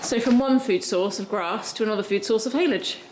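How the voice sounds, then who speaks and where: A young woman vlogging about her pregnant mare, cooing and praising the horse in a soft singsong. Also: mid-range voice, fairly quick, very noisy. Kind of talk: casual vlog narration. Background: loud background music.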